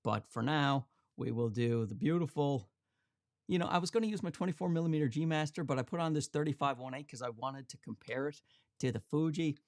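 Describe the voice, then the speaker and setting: A man's voice: fairly high pitch, fairly quick, darkish tone, no echo. A man hosting a camera livestream from his home studio, chatting and joking as he reads viewer comments aloud. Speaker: camera channel host. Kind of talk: casual livestream chat. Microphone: XLR shotgun mic.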